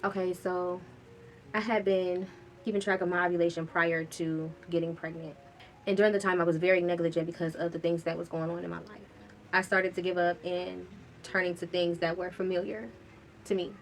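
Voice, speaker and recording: A woman's voice: lowish voice, level tone, fairly quick, slight background noise. A woman vlogger telling a personal story in a candid, casual way, swearing freely.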